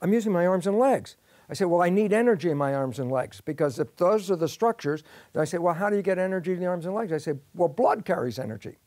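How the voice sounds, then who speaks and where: In an interview, a guest scientist explains biology at a quick pace, lively and playing both the questions and answers himself in imagined dialogues. His voice is a little high for a man, and the sound is dry and close with no room echo.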